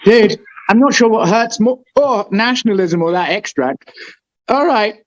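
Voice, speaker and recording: A man's voice: high-pitched, lively intonation, measured pace, dry recording, muffled recording. A man hosting a casual hot sauce tasting chat, swearing and groaning from the heat. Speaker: host.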